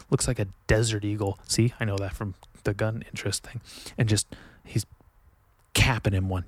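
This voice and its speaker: A man hosting a solo podcast, rambling casually with lots of swearing and self-mockery. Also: mid-range voice. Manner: profane, rambling, self-mocking. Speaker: podcast host.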